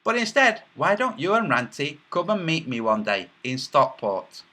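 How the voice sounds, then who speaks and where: Husky, lively man streaming. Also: on the high side, normal speed. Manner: rambling and mocking, with many filler sounds. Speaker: livestream host reading chat. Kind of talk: casual livestream chat.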